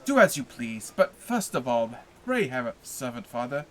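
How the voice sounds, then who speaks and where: A man reading aloud, voicing an earnest, warm-hearted young sailor who speaks eagerly and emphatically. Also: medium pitch, very animated, moderate pace, slight background noise.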